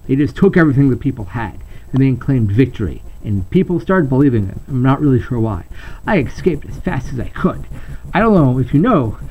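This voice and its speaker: A man's voice: medium pitch, big pitch swings, a little fast, a little hiss or hum. A man voicing a tiny, chatty male dinosaur monster who rambles earnestly about his past. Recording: slightly muffled home recording.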